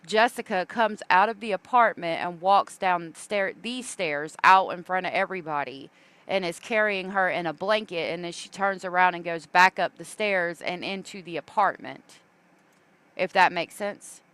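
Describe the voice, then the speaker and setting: A woman's voice: on the low side, moderate pace, a bit bright, clean tone. A woman hosting a casual livestream, chatting loosely with many fillers and reading viewer comments aloud. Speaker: true crime livestream host.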